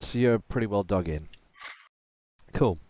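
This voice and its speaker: A man acting as game master of a tabletop game, chatting in a relaxed way and laughing often. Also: lowish voice, a little slow, no room sound, dull audio. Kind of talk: running a tabletop game over voice chat.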